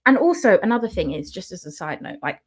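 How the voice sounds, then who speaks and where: Speaking quickly at a medium pitch, a young vlogger shares a personal story. She's casual and animated, performing the voices of the people she quotes.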